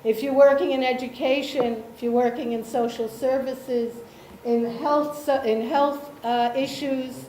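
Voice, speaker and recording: A woman from Israel leads a workshop in a reverberant lecture room, faint ambience behind her. Her voice sits a little high but mellow in tone. She talks slowly, hesitating with ums, and keeps checking that the room follows. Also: steady tone, a little hiss or hum. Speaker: workshop presenter, association chair. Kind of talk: slow explanatory workshop talk.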